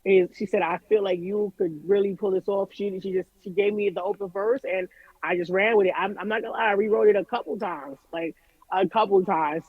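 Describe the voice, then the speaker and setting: A woman's voice: mid-range voice, a little fast, slightly rough, dry recording, narrow, tinny audio. A woman artist, from Jamaica, talking candidly in a casual remote interview and acting out what people said to her. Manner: candid, chatty, quoting people in lively voices. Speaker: music artist guest.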